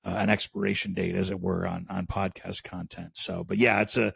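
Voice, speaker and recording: Male guest, Chicago accent, low husky voice, dry recording, loose conversational delivery. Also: a little fast, dry recording. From Chicago area. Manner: relaxed, rambling with many fillers. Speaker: podcast guest. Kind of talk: casual interview chat.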